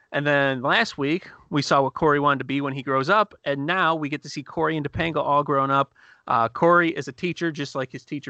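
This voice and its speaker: A man co-hosting a casual podcast, excitedly retelling TV scenes with quick laughs and restarts. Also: on the high side, no room sound. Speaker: podcast co-host reviewing TV episodes. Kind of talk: casual chat.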